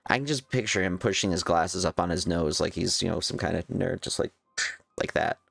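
A man's voice: deep voice, brisk, creaky, a bit bright, no room sound. A man streaming a game and reading its dialogue aloud in a playful, jokey way. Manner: playful, laughing, jokey asides. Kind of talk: casual let's-play reaction, reading dialogue aloud.

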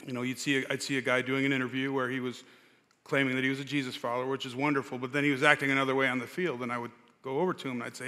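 An older man as guest speaker, telling his personal story with many pauses and fillers on a church stage. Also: mid-range voice, level tone, bright, forceful tone. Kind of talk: personal testimony in an interview. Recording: church hall reverb.

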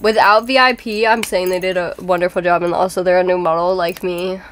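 A woman's voice: on the low side, fairly even intonation, fairly quick. A young woman doing casual, giggly commentary while playing a game, with dramatic squeals. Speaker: gaming YouTuber.

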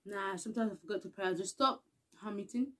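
A young woman talks casually to her camera. Her voice sits at a middling pitch, and she laughs often between lines. She often sinks into quiet, mumbled asides. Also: quick pace. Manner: chatty, laughs often, mumbles and hums softly. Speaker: vlogger.

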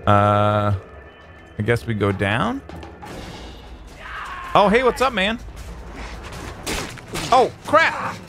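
A man hosting a let's play, giving excitable, jokey gameplay commentary that jumps to high exclamations. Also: slow, long pauses, over music.

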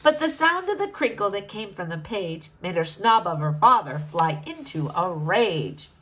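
A woman reading a rhyming children's storybook aloud in an expressive, sing-song way. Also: medium pitch, moderate pace, rough recording.

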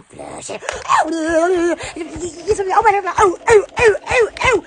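A woman's voice: very high voice, takes it slowly, background noise. A woman chatting on a live stream, laughing a lot and crying out "oh, yes" over and over. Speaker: online shop owner on a live stream. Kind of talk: excited casual live stream chat.

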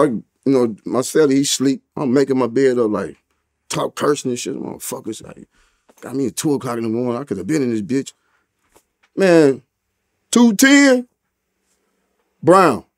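A man telling a story in a casual interview, talking in heavy street slang and profanity, his voice jumping up loud and high whenever he acts out what people said. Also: no room sound, studio quality. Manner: animated retelling with loud, high quoted exclamations. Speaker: interview guest.

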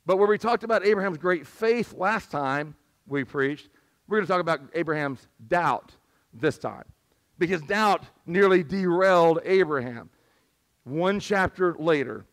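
Male pastor, high voice, squeaky and strained, conversational sermon delivery. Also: expressive, measured pace, a bit bright. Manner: conversational preaching, asks the congregation for responses. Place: church sanctuary.

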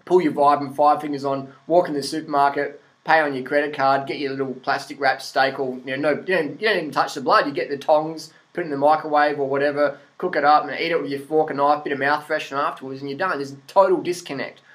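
A man's voice: a little high, fairly even intonation, fast, hardly any pauses, a bit bright. A man vlogging a blunt, profane opinion rant to the camera, laughing at his own points.

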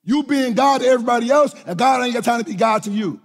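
High, husky preaching man in a reverberant hall. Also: fast talker. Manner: animated preaching, swinging from shouts to hushed low lines. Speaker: pastor. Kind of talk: sermon.

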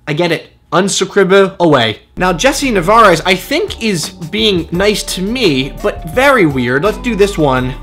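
A man's voice: sits high, very animated, unhurried, hardly any pauses, a bit bright, faint music behind. A man vlogging and reading comments aloud in a sarcastic, exasperated way. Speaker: YouTube vlogger.

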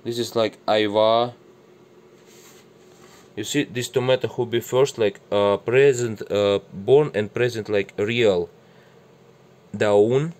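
A man's voice: fairly low pitch, steady tone, slow pace, pauses often, darkish tone. Man speaking broken English about his plants. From Russia. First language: Russian. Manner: broken non-native English with Indonesian and Arabic words mixed in. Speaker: gardening vlogger. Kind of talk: casual garden walkthrough. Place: home with plants, by a loggia.

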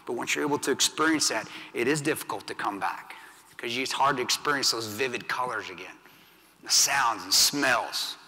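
A man's voice: mid-range voice, normal speed. Intense veteran man speaking in a hall. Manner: blunt, intense, swings from loud to hushed. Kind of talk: storytelling speech to an audience. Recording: long hall reverb.

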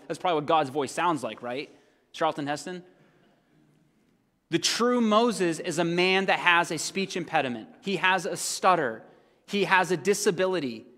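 A male pastor preaching a sermon, his voice sitting a little high for a man. He swings from loud, emphatic points down to hushed, conversational asides. His words ring out with a long hall reverb. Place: church sanctuary.

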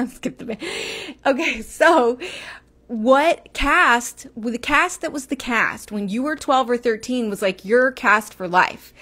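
A woman in her forties hosts her own livestream, talking casually into her phone or webcam. Her voice sits a bit higher than most. She rambles in a chatty way and often restarts a sentence to correct herself. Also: fairly bright tone. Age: 40s. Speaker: livestream host.

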